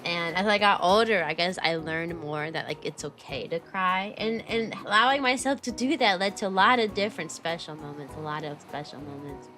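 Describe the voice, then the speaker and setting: A young woman chatting on a casual stream, telling rambling stories full of fillers and sudden high-pitched jumps. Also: normal speed, few pauses, pushed and bright, soft background music. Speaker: VTuber streamer and kindergarten teacher.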